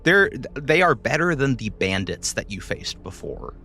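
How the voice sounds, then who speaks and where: A man narrating as game master of a tabletop game, with slow, dramatic storytelling. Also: mid-range voice, sing-song, sharp tone, faint music behind.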